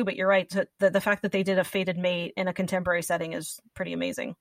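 A woman's voice: fairly low pitch, steady tone, quick pace, few pauses, no room sound, clean studio sound, distant mic. Enthusiastic woman podcast co-host. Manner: enthusiastic, gushing with many restarts. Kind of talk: casual podcast chat.

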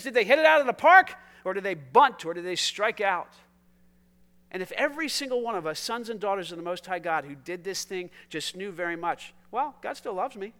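Guy pastor preaching, really high bright voice, goes loud then almost whispers. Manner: passionate, swings from loud emphasis to hushed near-whispers. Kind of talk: sermon.

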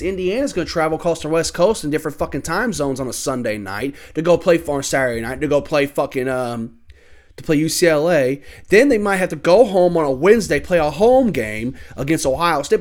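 A man in his thirties ranting alone about college sports, swearing often, irritated and heated, with sudden loud outbursts. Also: on the high side, animated, brisk. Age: 30s. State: annoyed. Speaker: sports talk host. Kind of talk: solo sports rant.

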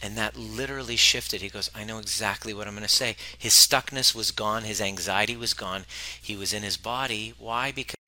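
Guy on his podcast telling a coaching story, earnest, lowish voice, real bright punchy tone. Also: fairly quick. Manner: earnest, acts out client dialogue. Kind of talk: personal storytelling monologue.

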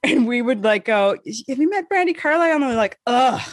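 A woman co-hosting a podcast, telling a story in casual chat, animated and swearing freely, acting out the voices she quotes. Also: high-pitched, fairly quick, no echo, clean studio sound. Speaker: podcast co-host.

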